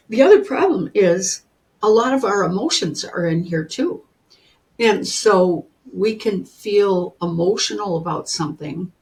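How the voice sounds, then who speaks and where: A woman in her seventies telling personal stories as a podcast guest in an animated way, often calling the listener honey. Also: lowish voice. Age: 70s. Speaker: guest, psychic and spiritual teacher. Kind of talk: storytelling in a podcast interview.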